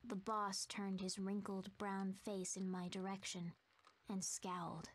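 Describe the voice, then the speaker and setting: A woman narrating a video game in a soft, hushed, fearful storytelling manner, voicing a timid young female narrator. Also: mid-range voice, level tone, measured pace, close to an everyday voice.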